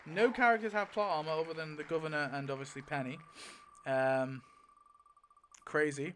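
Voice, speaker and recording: A man's voice: on the high side, steady tone, normal speed, fairly bright tone, slight background noise. A young man giving casual commentary as he spins a wheel to pick story outcomes, rambling with lots of filler and frequent swearing. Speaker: video creator.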